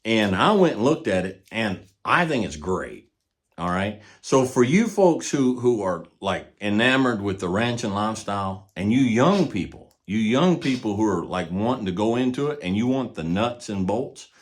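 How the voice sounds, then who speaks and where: At a moderate pace, an older horse trainer with a very low, deep voice teaches casually about horses through relaxed, folksy stories. His voice frequently sinks to a quiet murmur as he finishes a thought.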